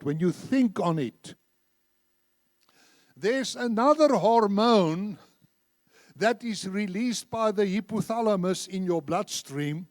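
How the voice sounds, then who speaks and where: Older male preacher in his seventies, high voice, dry close sound, lively storytelling sermon. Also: no room sound. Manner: animated storyteller, acts out dialogue. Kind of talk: sermon with told anecdotes. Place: church.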